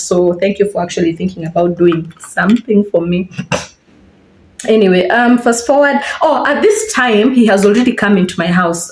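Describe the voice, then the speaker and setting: A woman's voice: mid-range voice, roomy sound. A young woman with a Kenyan accent telling a casual storytime while getting ready, talking chattily and acting out what people said. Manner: chatty, animated, acts out quoted lines with laughter. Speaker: vlogger. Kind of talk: casual storytime while doing her hair.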